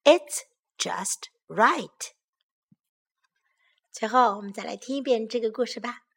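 A woman teaching English through a children's story. She reads slowly and clearly and repeats phrases for young learners. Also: on the high side, steady tone. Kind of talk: bilingual English lesson with storybook read-aloud.

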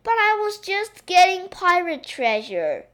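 A woman voicing a naughty little girl princess who plays pirate, pouty and excitable. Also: a little high, slow, exaggerated voice. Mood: pouty excited.

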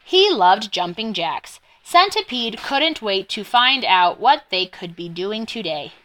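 A woman reading a children's picture book aloud in a slow, expressive storytelling voice. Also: mid-range voice. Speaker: reader.

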